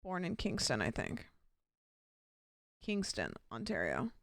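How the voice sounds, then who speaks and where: Smooth-voiced woman streamer, chatting. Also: low-pitched, huge pitch swings, slow, dry recording, studio quality. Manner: rambling and curious, full of fillers and self-questions. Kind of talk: casual live-stream chat while gaming.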